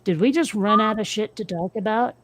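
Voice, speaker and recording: A woman's voice: medium pitch, brisk, a bit bright, no echo. A woman hosting a casual chat, blunt and profane, wry and a little tired. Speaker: podcast host.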